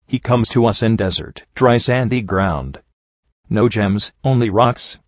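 A man puts on a gruff, bitter old dog chief who growls and grumbles in broken, clipped grammar. The voice sits low and is heard dry and close, on a dull, lo-fi recording. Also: a little slow, no room sound, natural voice.

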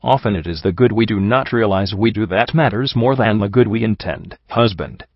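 A man voicing a lithe, cheerful zebra mare who tells a fable brightly, in a dry, dull recording. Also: fairly low pitch, normal speed, dry recording. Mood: gentle.

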